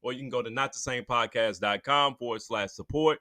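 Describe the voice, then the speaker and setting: A male podcast co-host in a casual sports chat, easygoing and quick to joke. He chimes in often with short, relaxed replies. His voice sits in an ordinary middle pitch. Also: no echo, studio quality. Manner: joking, easygoing, chiming in.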